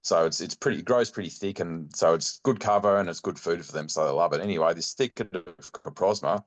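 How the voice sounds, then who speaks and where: Low-voiced Australian man spinning a yarn. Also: a little fast. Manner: rambling, animated anecdote telling with many fillers. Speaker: guest, bowhunting club chairman. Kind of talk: casual storytelling chat.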